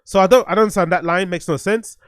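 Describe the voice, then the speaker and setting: A blunt man hosts a casual livestream, swearing freely and circling back over his points. His voice sits a little high for a man. The recording is close and dry. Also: quick pace, no echo. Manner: blunt, profane, rambling with restarts. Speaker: streamer host reviewing music.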